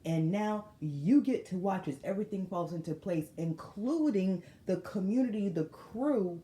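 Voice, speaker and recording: Animated tarot reader woman, laughing. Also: medium pitch, a little slow, echoey room. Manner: animated, laughs often, slangy and emphatic. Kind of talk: casual tarot reading to viewers.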